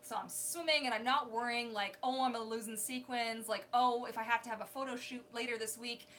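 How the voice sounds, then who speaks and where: A young woman hosting a casual live Q&A from her apartment, animated and laughing often, with lots of fillers. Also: a little high, a little fast, slight background noise. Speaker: live stream host, mermaid performer. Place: home apartment. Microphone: phone.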